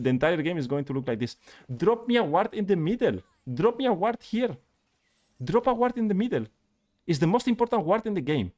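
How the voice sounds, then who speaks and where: Exasperated male coach. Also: mid-range voice. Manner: exasperated, animated critique. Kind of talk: live-streamed gameplay review.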